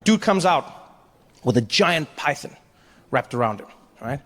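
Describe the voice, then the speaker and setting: A man in his forties telling a stand-up story, animated and self-mocking, acting out the scenes. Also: mid-range voice, measured pace. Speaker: stand-up comedian.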